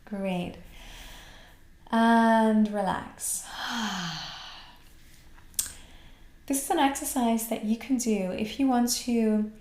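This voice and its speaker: A woman from Australia teaching a voice class, guiding the breath with calm, slow cues. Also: a little high. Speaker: voice and mantra teacher. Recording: roomy echo.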